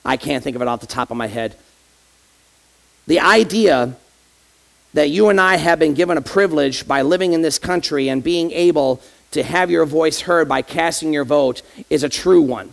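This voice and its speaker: A man's voice: on the high side, normal speed, vocal fry. A man, an associate pastor, preaching a conversational sermon in church and addressing the congregation directly with rhetorical questions.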